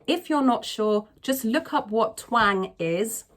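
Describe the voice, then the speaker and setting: A woman's voice: fairly high pitch, lively intonation, slow pace, a bit bright. A woman vocal coach explaining singing technique in a frank, chatty tutorial manner. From not from America.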